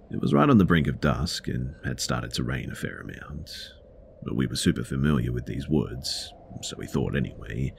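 Deep gravelly male horror narrator. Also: slight background noise. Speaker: narrator reading submitted stories. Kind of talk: scripted horror story narration.

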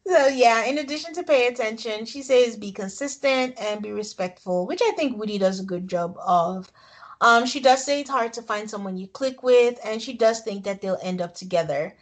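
At normal speed and with a slightly high voice, this co-host chats through a reality show recap on a casual podcast, frequently laughing as she retells scenes.

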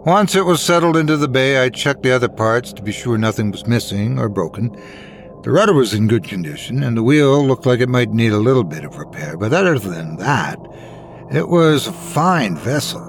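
Expressive male horror-story narrator. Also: medium pitch, a little hiss or hum. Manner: measured, dramatic reading.

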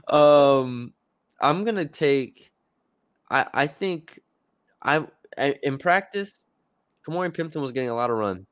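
A man's voice: a little high, lively intonation, unhurried, pauses often, a bit bright, dry recording. A man co-hosting a sports podcast, talking casually and hedging with fillers and restarts.

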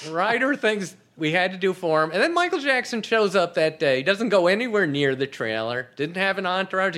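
A TV comedy writer, interviewed as a guest in an apartment, casually tells anecdotes, acts out quoted dialogue, and laughs often. His voice is fairly high and a bit bright.

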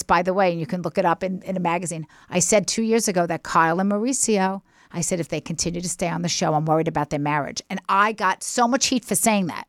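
A woman guest on a talk podcast, chatting casually and telling stories with emphatic, animated delivery. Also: fairly low pitch, no echo, studio quality. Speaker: guest, reality TV personality. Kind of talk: casual chat.

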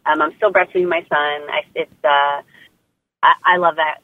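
Woman guest, casual and warm-hearted talker, lots of fillers, heard over a tinny phone line. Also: low-pitched, fairly even intonation, normal speed. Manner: chatty, heartfelt, lots of "you know" and "like". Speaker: guest mother sharing birth story.

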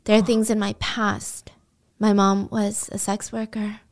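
A manipulative, abusive man, put on by a woman storyteller, pleads that he is broken and unworthy. His delivery is melodramatic, with the voice pushed a little higher than its usual register. It is an overwrought show of self-pity. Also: little pitch movement, a little slow, lightly acted.

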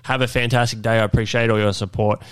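A man hosting a solo fitness podcast, talking in a loose, relaxed way with lots of fillers. He sounds nasal and congested from being unwell. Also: fairly low pitch, fast, clean tone, no echo. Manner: relaxed, many fillers and restarts.

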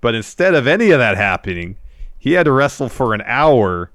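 A man's voice: mid-range voice, sing-song, brisk, a bit bright, no echo. A man co-hosting a podcast, casually recapping wrestling matches and acting out the promos with rising energy. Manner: recounts matches, acts out promos with raised energy. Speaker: podcast co-host.

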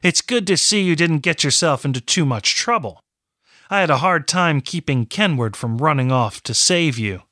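A man's voice: on the high side, animated, normal speed, sharp tone, no echo, studio quality. A man voicing a teasing, affectionate woman.

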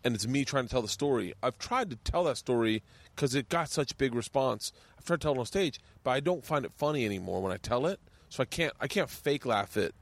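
A man's voice: medium pitch, animated, fairly quick, dry recording. A man hosting a podcast, telling casual stories, laughing easily and swearing now and then. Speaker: podcast host. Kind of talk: casual chat. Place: outdoors at home.

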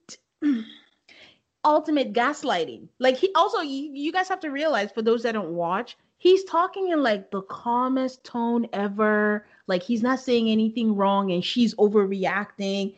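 A young woman co-hosting a podcast, recapping a reality show in a casual, animated way and acting out quotes with laughs. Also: fairly high pitch, a little slow. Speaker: podcast co-host.

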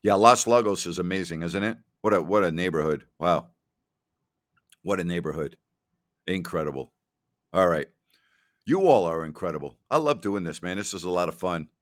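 A man's voice: low-pitched, normal speed, pauses often, no room sound, studio quality. A man hosting a podcast, casually answering listener questions and telling rambling stories, often repeating himself and laughing. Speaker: podcast host.

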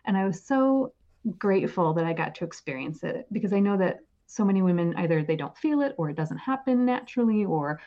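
A woman's voice: medium pitch, brisk, highs cut off. Laughing woman in her forties. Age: 40s. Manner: animated, laughs often while telling a birth story. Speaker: podcast guest. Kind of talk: casual storytelling.

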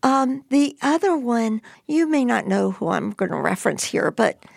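An older woman recounts a tense memory, animated and acting out the voices of the people involved. Her voice sits high with a gravelly edge. The recording is dry and close, with faint music beneath her. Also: normal speed, dry recording. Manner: lively, animated retelling with acted-out quotes. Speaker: storyteller. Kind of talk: personal story told to an interviewer.

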